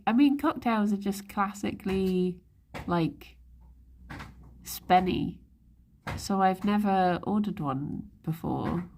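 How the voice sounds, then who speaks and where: Slow-talking woman chatting. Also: mid-range voice, darkish tone, a little hiss or hum. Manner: chatty, rambling, laughs often. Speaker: livestreamer. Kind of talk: casual chat.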